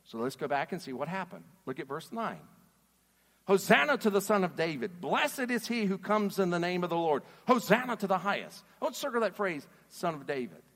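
Animated preacher man with lively pitch. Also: brisk. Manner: animated, emphatic, asks the audience questions. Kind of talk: sermon. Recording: reverberant hall.

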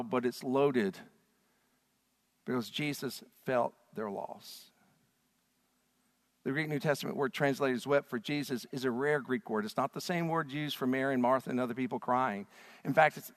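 A man preaching a sermon, swinging from hushed, low lines to loud, shouted ones. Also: normal speed. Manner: dramatic swings from quiet to shouting. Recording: long hall reverb.

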